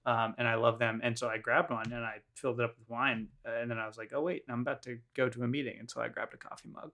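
Gravelly, bright-voiced young man rambling. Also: medium pitch, little pitch movement, fast. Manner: rambling, playful, self-correcting. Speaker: podcast co-host. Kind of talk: casual chat.

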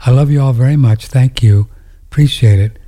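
Husky, dark-voiced radio host. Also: male voice, medium pitch, fairly quick. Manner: meandering, trails off into soft asides. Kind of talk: casual rambling talk.

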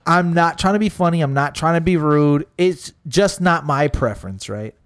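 A man's voice: fairly high pitch, normal speed, clear, resonant tone. A man casually telling a long story on a podcast, swearing freely and acting out what his friends said. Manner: animated, profane, acts out what friends said. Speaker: podcast co-host.

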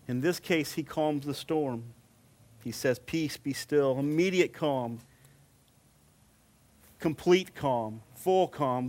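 Man preaching a slow, emphatic sermon. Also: on the high side, lively intonation, a little mellow. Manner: emphatic preaching with repeated phrases and pauses; slows down to stress scripture quotes.

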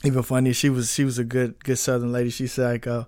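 A man's voice: medium pitch, quick pace, clear, resonant tone, dry recording. A man in his thirties from St. Louis, a business owner telling the story of how he started his company in a podcast interview, with lots of fillers and acted-out quotes. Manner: relaxed storyteller, with frequent fillers and quoted dialogue.

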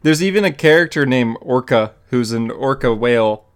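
A young man co-hosting a comics podcast, chatting casually with quick interjections. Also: mid-range voice, smooth. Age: young adult. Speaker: podcast co-host. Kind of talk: casual chat about comics.

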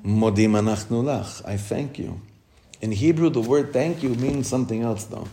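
A man's voice: medium pitch, animated, normal speed, warm tone. A man teaching a Torah class for women as a rabbi, heartfelt, questioning his listeners and repeating phrases for emphasis, with Hebrew terms mixed into his English. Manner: asks the listeners questions, then answers them.

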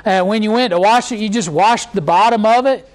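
Guy pastor with a high voice, chatty sermon, lots of uh's and restarts. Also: fairly quick, poor audio. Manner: conversational preaching, many fillers and restarts, mocking impressions. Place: church.

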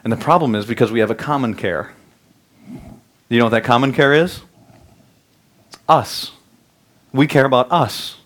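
A man in his thirties preaching a sermon as pastor, telling lively stories that climb loud and high. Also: normal speed, long pauses. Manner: animated storytelling, rising loud and high in anecdotes. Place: church sanctuary.

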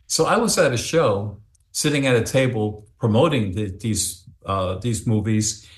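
A man's voice: lowish voice, unhurried, reverberant. A man who is a psychic medium and a guest on an interview show, telling a long, rambling story with many fillers.

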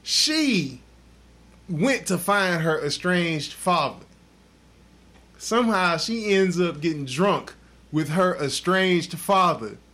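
A man's voice: sits high, expressive, takes it slowly, pushed and bright. A man hosting a podcast, telling a story in crude, profane, casual chat. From Texas. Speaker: podcast host.

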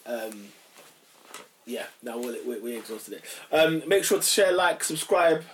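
A man hosting a casual football podcast who gets excitable and bursts into loud laughter. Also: mid-range voice, a little slow, far from the mic. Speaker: podcast host.

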